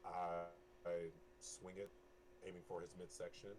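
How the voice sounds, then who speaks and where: A man plays a tabletop game, talking in a very low voice. He speaks haltingly, pausing and restarting. Clear noise sits behind him. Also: completely flat delivery. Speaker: player. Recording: noisy background.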